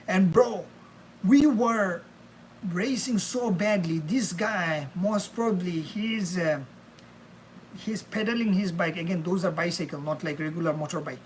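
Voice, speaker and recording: A young man with a high-pitched, slightly slow voice talks to his stream viewers while cooking at home, rambling and calling them bro and man. The audio carries a little hiss or hum.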